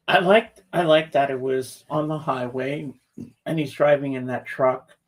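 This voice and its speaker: A man's voice: mid-range voice, unhurried. A man co-hosting a podcast, chatting casually in an easygoing, plain-spoken way. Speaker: podcast co-host. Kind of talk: casual chat.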